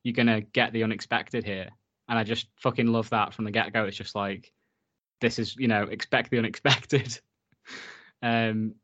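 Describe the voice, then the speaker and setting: A man's voice: fairly low pitch, fairly even intonation, normal speed, fairly bright tone, dull audio. A man co-hosting a podcast in casual chat. He swears often and fills his talk with "like.". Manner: chatty, swears often, filler-heavy. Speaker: podcast co-host reviewing a film.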